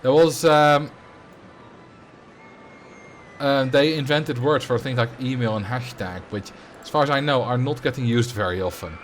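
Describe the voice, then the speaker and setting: A man's voice: medium pitch, normal speed, pauses often, faint music behind. A man from the Netherlands with a Dutch accent, chatting casually on a game livestream and rambling with fillers as he reacts to chat. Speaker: streamer.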